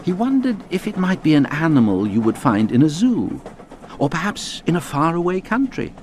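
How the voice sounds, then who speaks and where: A man narrating a children's audiobook in a lively, expressive storytelling voice. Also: on the high side, normal speed, a little hiss or hum.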